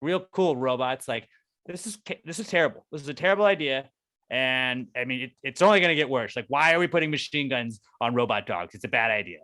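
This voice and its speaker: A man's voice: mid-range voice, quick pace. A man co-hosting a podcast, ranting in casual chat with lots of swearing. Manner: profane, excitable, rants with put-on quotes. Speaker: podcast co-host.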